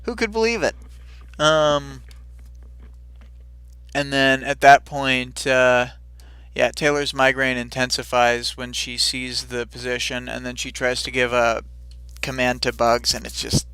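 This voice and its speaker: Casual-talking man on a livestream recap, unhurried and rambling, with a crisp, dry sound. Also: mid-range voice, sharp tone, no room sound. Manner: rambling, many fillers, quick silly voices for characters. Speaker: livestream co-host recapping chapters. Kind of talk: casual recap of a fight scene.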